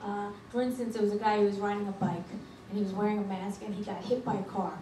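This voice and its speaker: A middle-aged woman doing a stand-up comedy routine, delivering brash, deadpan one-liners in a comedy club. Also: medium pitch, fast talker. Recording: echoey club from far off with noise.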